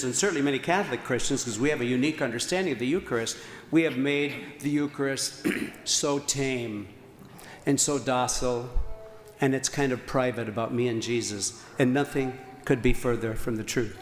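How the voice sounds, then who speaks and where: A priest preaching to his congregation in a large church, his voice carrying with a long, roomy reverb and a faint hum of ambience behind it. He speaks with earnest conviction, hammering home points through repetition, and sometimes trails into small fillers as he searches for a word. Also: mid-range voice. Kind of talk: sermon.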